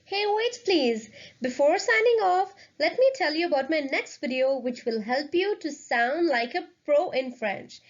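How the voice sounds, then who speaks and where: A woman explains French pronunciation in a clear, upbeat teaching manner. Her voice sits high. The recording is slightly dull and lo-fi. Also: expressive, moderate pace, hardly any pauses. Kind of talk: lesson narration.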